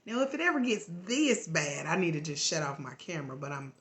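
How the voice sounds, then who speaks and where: Sleepy Southern woman, bright voice. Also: sits low, big pitch swings, brisk. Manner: drawling, laughing, chatty. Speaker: life coach. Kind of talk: casual live stream talk.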